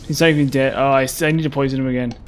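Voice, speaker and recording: A man's voice: mid-range voice, steady tone, rapid-fire, slight background noise. A young man streaming a video game, chatting with viewers in a frustrated, self-mocking way with sudden exasperated outbursts. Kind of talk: live gameplay commentary chatting with viewers.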